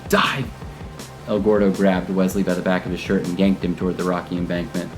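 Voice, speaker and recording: A man narrating a scripted audio drama in a measured, even storytelling manner. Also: sits low. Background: guitar music.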